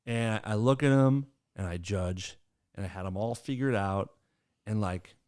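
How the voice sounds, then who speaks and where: A man's voice: on the low side, a little slow, a little mellow, clear, resonant tone. A man co-hosting a podcast in casual chat, teasing his co-hosts, swearing freely and telling stories with lots of energy. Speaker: podcast co-host.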